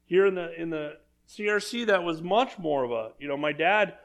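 A man's voice: fairly high pitch, normal speed, gravelly. A man preaching a sermon in a church, talking conversationally and asking the congregation questions. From Southern California. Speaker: pastor.

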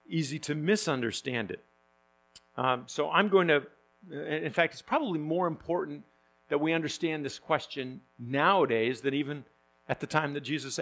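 Brief: man preaching, folksy and joking, halting with fillers, fry in the voice. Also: fairly high pitch, a bit bright. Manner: conversational and joking, with frequent fillers and restarts. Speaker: pastor. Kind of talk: sermon.

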